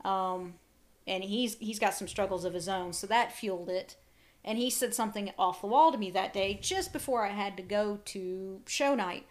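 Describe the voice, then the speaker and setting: Woman co-host, casual talk, lively storyteller who voices the people in her stories. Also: mid-range voice, normal speed. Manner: animated storyteller, acts out quotes. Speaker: podcast co-host. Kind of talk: casual chat about acting.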